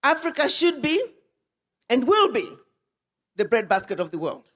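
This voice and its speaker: Woman ambassador, high voice, emphatic public address in a reverberant hall. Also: big pitch swings, normal speed, fairly bright tone. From Ghana. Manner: emphatic, repeats words for weight. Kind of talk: public speech to an audience.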